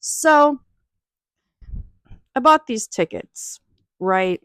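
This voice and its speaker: A woman's voice: on the high side, lively intonation, drawn-out words, a bit bright, no echo. A young woman talking in an emotional, rambling way in a personal vlog at home, near tears. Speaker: vlogger.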